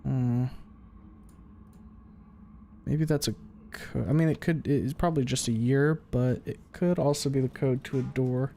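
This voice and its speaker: A man's voice: mid-range voice, steady tone, a little slow, creaky, long pauses, warm tone, a little hiss or hum. A man streaming a video game, thinking aloud in a casual way with the odd swear. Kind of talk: live gameplay commentary.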